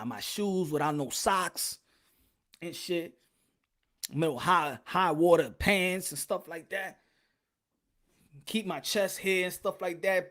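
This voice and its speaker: A man hosting a boxing show talks in a loose, rambling way, joking and swearing as he goes. His voice is bright and forceful, with a sharp edge. It sounds like an offhand, casual chat. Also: fairly high pitch. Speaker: boxing podcast host.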